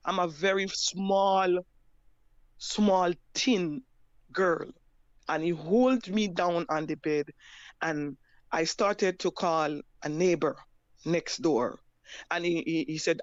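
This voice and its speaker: A Jamaican woman giving a personal testimony, halting and repeating her words as she recounts. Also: lowish voice, dry recording, lo-fi sound. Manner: halting, repeats words and restarts, plain broken grammar. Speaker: survivor sharing her story.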